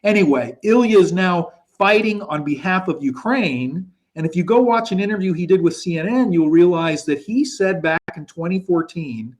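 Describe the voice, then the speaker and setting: Man from the US, fairly high voice, live show co-host, chatty, over a video call. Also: expressive, normal speed, few pauses. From United States. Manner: chatty, self-correcting.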